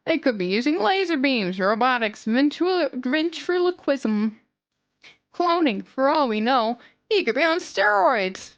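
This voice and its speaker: A woman's voice: sits high, sing-song, no echo, highs cut off, heavily acted. A woman voicing a pompous, showy male lawyer in a put-on Southern US drawl, reading a script dramatically. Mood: grandstanding. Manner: slow, drawn-out, grandstanding speech.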